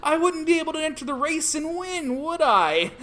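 A cocky male cowboy racer with a sly, taunting drawl, put on by a man reading a comic aloud. The voice sits higher than a plain speaking voice and has a sharp, bright edge. It swings up and down with lively pitch. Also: normal speed, heavily acted.

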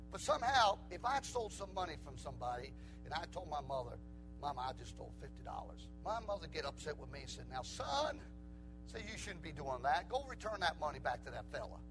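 A man preaching an old-fashioned sermon, swinging from quiet storytelling to shouted preaching. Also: sits high, poor audio.

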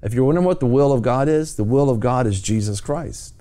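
A man's voice: mid-range voice, lively intonation, a little fast, dark tone. A man hosting a Christian television program, talking about faith in a fervent, exhorting preacher's cadence. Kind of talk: evangelistic TV talk.

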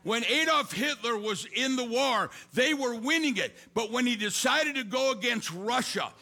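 A middle-aged male pastor preaching a fiery, impassioned sermon with shouted declarations. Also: extremely high pitch, animated, moderate pace, creaky, soft background music.

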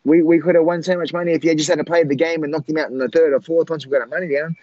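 Halting, higher-voiced man telling fight stories. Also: steady tone, a little mellow, no echo, lo-fi sound. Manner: rambling, halting with many fillers and restarts. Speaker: former fighter guest. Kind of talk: casual storytelling.

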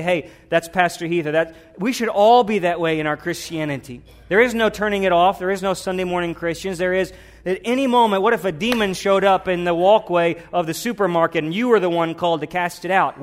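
A male pastor, preaching a sermon to his church with rising emphasis and repeated prayers. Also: high voice.

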